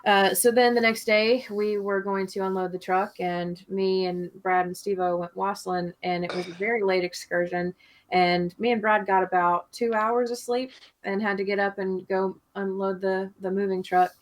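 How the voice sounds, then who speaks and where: A woman co-hosting a casual podcast, talking at an ordinary middle pitch. She tells her stories in a loose, rambling way, piling on details and laughing often between thoughts. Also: level tone, moderate pace. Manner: rambling, chatty storytelling with frequent laughs. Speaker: podcast co-host. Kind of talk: casual chat.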